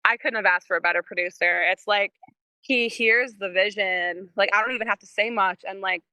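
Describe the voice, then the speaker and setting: In this casual interview chat, a musician from Michigan guesting on a podcast tells meandering stories packed with fillers and laughs, and performs quotes in a louder voice. She speaks briskly in a bright, forceful, mid-range voice, with no echo.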